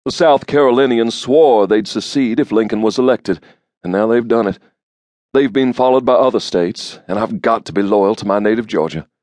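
A narrator voices an earnest, loyal colonel who chooses his words carefully, his voice lifted above the reader's own deep tone. The sound is dry and close. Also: moderate pace, darkish tone, no room sound, lightly acted. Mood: troubled. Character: anxious male army colonel, earnest and loyal. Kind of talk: audiobook character voice.

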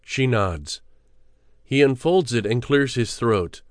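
A man's voice: medium pitch, no echo. Man narrating an audiobook, dry close. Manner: measured, steady storytelling. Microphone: close studio mic.

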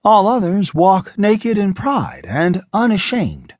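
A man voicing a calm, sorrowful alien man who speaks softly and gravely. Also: slow, no echo, clean studio sound, exaggerated voice. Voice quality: low, soft and grave.

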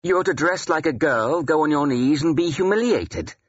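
A sneering, resentful young royal nephew, put on by a male audiobook reader, gloating at another man's humiliation. The voice is pitched well up and husky. The sound is dull and lo-fi. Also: sing-song, normal speed, no echo. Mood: mocking. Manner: mocking, gloating. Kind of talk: audiobook character voice.

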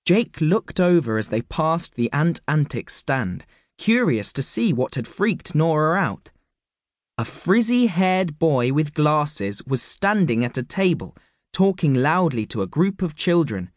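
Animated male children's audiobook narrator. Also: fairly high pitch, a little slow, no room sound, studio quality. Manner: animated storytelling, playful emphasis. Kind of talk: scripted narration of a children's book. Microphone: close studio mic.

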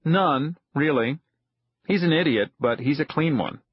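A man voicing a blunt, dismissive male aide to a spy chief, in a husky voice. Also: a little high, measured pace, no echo, highs cut off.

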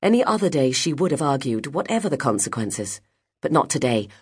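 A woman narrating a children's audiobook in an expressive, measured way. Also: rumbling low, husky. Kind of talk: scripted children's book narration.

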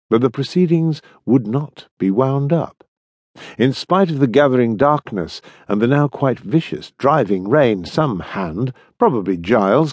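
Expressive male audiobook narrator. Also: medium pitch, husky, dry recording. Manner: expressive, varied storytelling. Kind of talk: scripted narration of historical fiction.

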